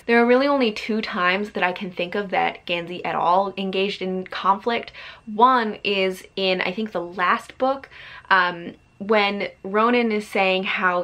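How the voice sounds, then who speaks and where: A woman's voice: mid-range voice, a bit bright. A woman book vlogger explaining her ideas in a casual, thoughtful way, with frequent ums and likes.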